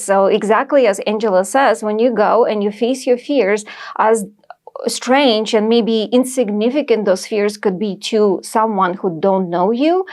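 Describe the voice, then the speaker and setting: A woman from Russia with a Russian accent, a doctor talking as a podcast guest in a candid, self-mocking way. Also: mid-range voice. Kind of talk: casual podcast chat.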